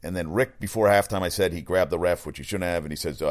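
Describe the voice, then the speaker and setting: Deep-voiced man ranting about sports. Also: fast talker. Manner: excitable, profane, rambling with self-corrections. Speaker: sports commentator. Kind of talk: casual sports rant.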